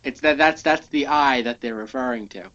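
A man's voice: medium pitch, normal speed, a bit bright, highs cut off. A man co-hosting a casual comic book podcast, rambling with lots of fillers as he explains things. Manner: rambling, many fillers, reads lines aloud. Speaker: podcast co-host.

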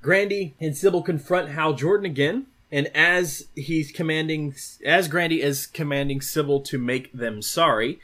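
A man's voice: a little high, moderate pace, a bit bright. Man casually recapping a comic book. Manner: loose retelling with fillers and restarts. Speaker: podcast host.

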